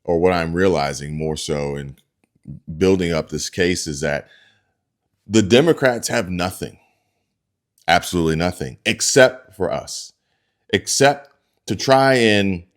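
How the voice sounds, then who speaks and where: Deep-voiced male political commentator. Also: unhurried, long pauses. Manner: addresses viewers as folks, restarts and stumbles.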